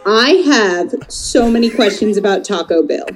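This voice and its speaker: A woman's voice: medium pitch, moderate pace, soft background music. A woman co-hosting a casual chat show, amused, reading listener comments aloud. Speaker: co-host.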